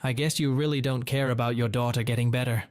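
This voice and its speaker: A man's voice: mid-range voice, steady tone, fast talker, no echo, studio quality, natural voice. A man voicing a blunt, confrontational middle-aged father in a story reading. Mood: angry.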